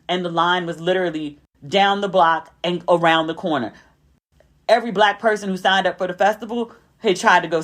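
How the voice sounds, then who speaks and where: Chatty woman podcast host recapping. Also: fairly low pitch. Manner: chatty, animated retelling with asides to listeners. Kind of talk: casual storytelling recap.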